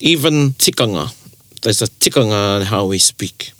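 A man's voice: lowish voice, expressive, normal speed, a bit bright, dry recording. A New Zealand man co-hosting a casual language chat, explaining by acting out example phrases. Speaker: te reo Māori podcast co-host. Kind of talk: casual conversational teaching.

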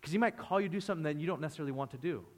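A man preaching a lively sermon, often acting out the voices of the people in the story. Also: on the high side, very fast. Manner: animated, acts out voices of disciples. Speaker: pastor. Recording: reverberant hall.

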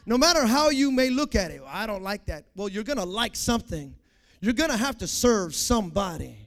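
High-voiced preacher, soft to shouting. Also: male voice, expressive, brisk. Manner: call-and-response preaching, repeats phrases, swings from soft to shouting. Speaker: pastor. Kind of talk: sermon.

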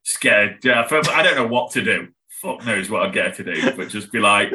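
A man's voice: on the low side, a little fast, few pauses, bright, forceful tone, rough recording. A man chatting as a podcast guest, rambling and self-interrupting, laughing often. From England. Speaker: podcast guest, band member. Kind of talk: casual chat.

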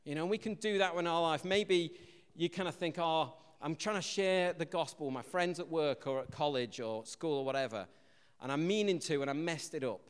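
A man's voice: a little high, brisk, smooth, long reverb tail. A man preaching a sermon in a conversational way, with joking asides.

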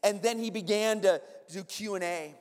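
A man in his forties preaching a conversational, animated sermon to his congregation. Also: high-pitched, moderate pace. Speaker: pastor. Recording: long reverb of a large hall.

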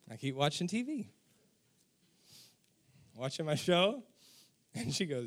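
A pastor in his forties delivers a sermon full of funny personal stories, chuckling and addressing the audience directly. His voice is a little high and sing-song, at a moderate pace with frequent pauses.

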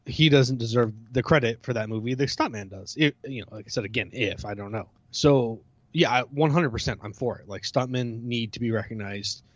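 A man of middle pitch chatting on a podcast, circling his points with fillers and letting sentences fade out softly. His voice comes through a little dull and lo-fi, in a dry close setting. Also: fairly quick, hardly any pauses, dry recording. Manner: rambling, hesitant, trailing off quietly. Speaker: podcast guest. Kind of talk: casual chat.

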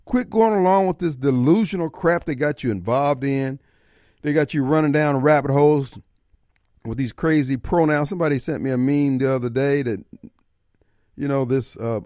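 On a political talk radio show, a male host launches into a fiery monologue, animatedly acting out imagined callers and critics. His voice is on the high side, and the studio-quality recording has no echo.

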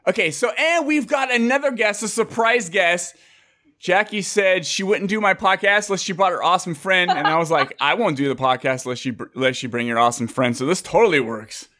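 A man in his thirties hosting a casual podcast, excitable and jokey, swearing casually as he chats with guests. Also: sits high, fairly quick. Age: 30s. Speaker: podcast host.

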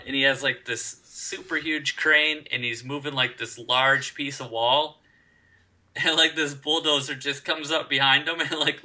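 A man co-hosting a casual podcast, telling stories excitedly with swearing and laughter. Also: mid-range voice. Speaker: podcast co-host. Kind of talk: casual chat.

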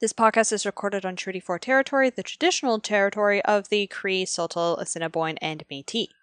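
Woman co-host, relaxed and wry, close dry recording with no room sound. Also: medium pitch, brisk, dry recording. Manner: dry, laid-back, laughs easily. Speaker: podcast co-host. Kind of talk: casual podcast chat.

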